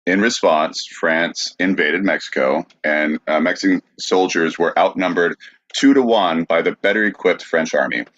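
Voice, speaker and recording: A man co-hosting a podcast, explaining history in a measured, casual way. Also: low voice, fairly bright tone, dry recording. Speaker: podcast co-host. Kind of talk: casual chat, reading history. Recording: dull dry sound.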